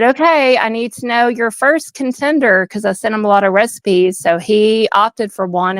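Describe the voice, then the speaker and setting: A woman's voice: mid-range voice, no echo, low-quality recording. A congested woman from Houston with a Texan accent, calling in to a live show and chatting earnestly. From Houston, Texas. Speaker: caller. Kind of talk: casual call-in chat.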